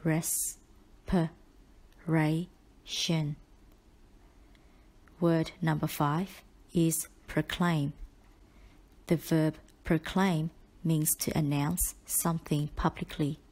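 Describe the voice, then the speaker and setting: A woman tutor reading a spelling list aloud, with definitions and example sentences, in a measured and carefully enunciated way. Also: deep voice, a little mellow, breathy edge. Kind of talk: slow spelling-list dictation.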